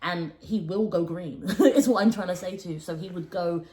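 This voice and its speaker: A young woman frankly telling a personal story as a podcast co-host, animated and quick to laugh. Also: fairly low pitch. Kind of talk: casual storytelling chat.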